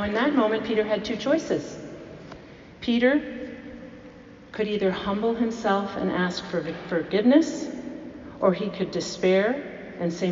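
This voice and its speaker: A woman's voice: mid-range voice, darkish tone, a little hiss or hum. A woman preaching a sermon, telling a story and asking the congregation rhetorical questions. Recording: echoey hall, dull lo-fi sound.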